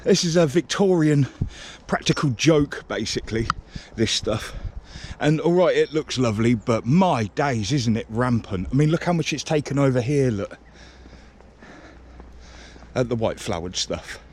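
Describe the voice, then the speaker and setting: A man giving chatty, excitable walking commentary to the camera as a railway enthusiast vlogger. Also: mid-range voice, measured pace. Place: outdoors on a path beside a railway line. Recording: outdoor street noise.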